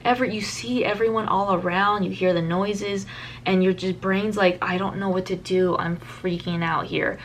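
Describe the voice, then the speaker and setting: A woman's voice: medium pitch, fairly bright tone. A young woman vlogger telling a personal story in a candid, rambling way, full of fillers and restarts.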